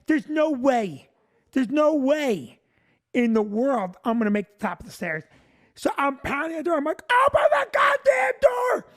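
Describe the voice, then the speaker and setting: A male comedian telling a long comic story, animated and breaking into shouted punchlines. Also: extremely high pitch, normal speed.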